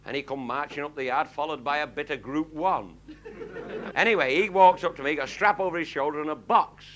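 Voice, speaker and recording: A man's voice: on the high side, a little fast, fairly bright tone, slight background noise. A man telling a comic story to a live audience in a blunt, earthy, chuckling way. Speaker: comic raconteur. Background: audience laughing.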